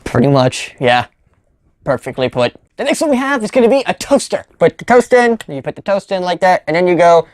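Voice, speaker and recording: A woman's voice: fairly low pitch, sing-song, a little fast, a little mellow, no echo, clean studio sound. A woman hosting a casual comedy sound-effect session, talking in a playful, self-deprecating way. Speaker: host.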